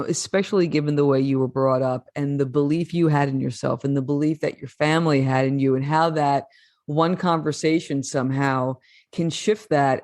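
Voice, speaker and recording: A woman's voice: sits low, a little mellow, dry recording, studio quality. A woman podcast host asking a guest questions and reflecting back on what she shared in a reassuring, affirming way. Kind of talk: interview conversation.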